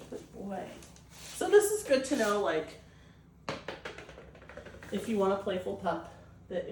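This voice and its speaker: A woman breeder explaining a puppy temperament test, switching between high coaxing puppy talk and calm explanation. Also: distant mic, noisy background. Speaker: dog breeder. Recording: echoey room, voice off-mic.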